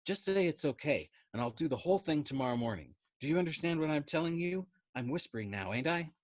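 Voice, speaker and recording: A man's voice: fairly high pitch, big pitch swings, fast, pitched above the performer's own voice. A man voicing a frightened young male bomber pilot who pleads with an intense, urgent manner. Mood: pleading.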